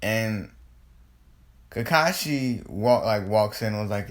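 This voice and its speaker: A man's voice: fairly low pitch, expressive, slow, pauses often. A man casually retelling a fan story, rambling, with many restarts and casual swearing. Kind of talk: improvised fan-fiction retelling.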